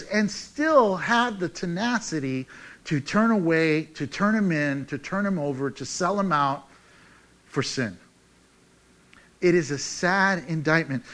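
A man with a high, light voice preaching a sermon. He moves from ringing, raised declarations to quiet, intimate asides, reading scripture and pressing questions on his listeners. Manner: preaching with wide swings from loud to hushed. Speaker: pastor.

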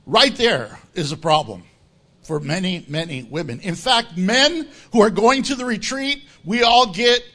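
A man preaches with bright energy, his voice sitting high for a man. He swings widely in pitch as he teaches. He slips in jokes and laughs along. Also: measured pace. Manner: animated, joking preaching with laughter. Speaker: pastor. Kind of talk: sermon.

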